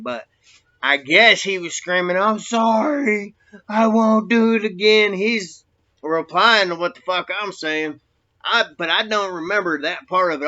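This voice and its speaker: Forceful, profane man telling a prison story. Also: a little high, lo-fi sound. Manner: profane, rambling, streetwise slang. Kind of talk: casual storytelling monologue.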